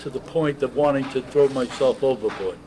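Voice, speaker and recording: Halting elderly veteran man. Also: mid-range voice. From United States. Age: 80s. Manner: halting, many uh's and restarts. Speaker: veteran interviewee. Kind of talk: oral history interview. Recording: noisy background.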